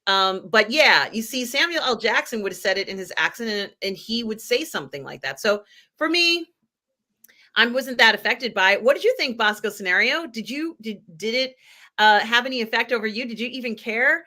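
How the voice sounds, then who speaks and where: A woman's voice: a little high, animated, fairly quick, sharp tone. A woman hosting a live pop culture chat show, talking in a rambling, chatty way with many fillers. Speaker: host.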